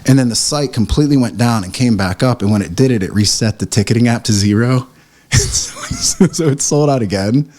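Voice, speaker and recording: A local print shop owner, appearing as a guest on a podcast, tells a story in a medium-pitched voice at a fairly quick clip. He's animated, laughing as he goes and acting out what people said, in a relaxed storytelling chat.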